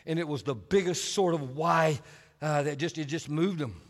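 A man preaching a sermon as pastor, emphatic and playful, leaning on deliberate repetition to drive points home. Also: on the high side. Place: large church auditorium. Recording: long reverb of a large hall.

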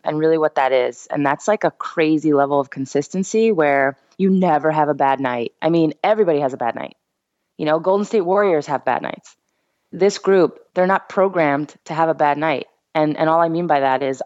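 A woman with a low voice talks through her points on a podcast, pressing them with frequent "I mean" and "you know". Her voice sits close and dry, and the recording sounds dull and lo-fi. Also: fairly quick, a little mellow, dry recording. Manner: emphatic, many "I mean" and "you know" fillers. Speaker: guest, basketball player and commentator. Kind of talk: casual podcast chat.

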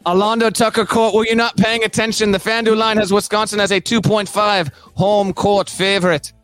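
A man hosting a casual sports podcast in a put-on Australian accent, reading out listings with a jokey lilt. His voice sits a little high and sounds dry and close. Faint music plays behind him. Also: little pitch movement, moderate pace, fairly bright tone, dry recording. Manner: jokey, rattles off game listings. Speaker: podcast co-host.

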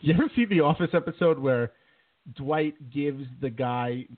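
A man co-hosting a casual podcast, rough and husky in tone, launching into animated mock-dramatic rants. His voice comes through thin and tinny, like over a phone line, with no room sound at all. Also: on the high side, normal speed, no echo. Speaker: podcast co-host. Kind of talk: casual chat.

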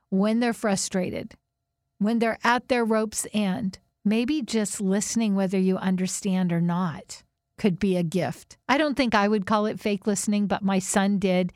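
A woman's voice: no echo, studio quality. A middle-aged woman coach hosting her own show, talking in a reflective solo monologue, earnest and thoughtful. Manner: earnest, thoughtful, rises in pitch when quoting others. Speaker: coach and podcast host.

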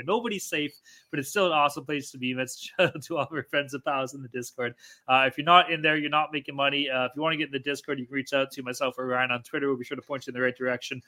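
A man co-hosting a sports betting podcast, talking in a brash, excitable way and swearing freely. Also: mid-range voice, rapid-fire. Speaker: podcast co-host.

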